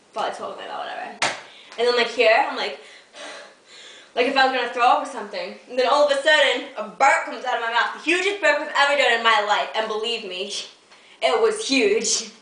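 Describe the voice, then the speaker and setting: A woman's voice: on the high side, quick pace, pushed and bright, recorded from a distance. Hyper, giggly New girl vlogging. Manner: hyper, giggly, self-mocking. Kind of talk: casual storytelling to camera. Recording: echoey room, voice off-mic.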